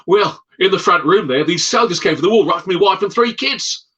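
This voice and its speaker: A man's voice: high voice, animated, a little fast, bright, forceful tone, breathy edge, voice pushed up, exaggerated voice. A man voicing a blunt, rattled Australian male tourist with a put-on Australian accent. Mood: shaken.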